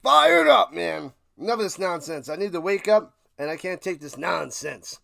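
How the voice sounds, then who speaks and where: A man hosting a live football watch party, calling plays and ranting, swinging between shouts and low mutters and repeating himself. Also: animated, normal speed, creaky. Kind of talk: live play-by-play and reaction commentary.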